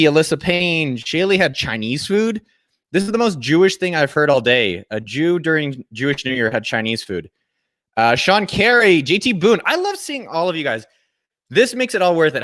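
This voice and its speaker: A man's voice: on the high side, a bit bright, no echo, clean studio sound. A man hosting live office hours from a friend's home, chatting casually, joking, swearing freely and greeting viewers by name. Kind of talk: casual livestream chat.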